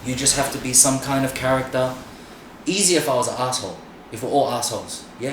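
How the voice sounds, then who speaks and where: A man's voice: medium pitch, quick pace. A middle-aged man and podcast guest, chatting frankly and swearing freely, with lots of "you know"s. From Australia. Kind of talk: casual chat. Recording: very echoey room, mic far off, noisy.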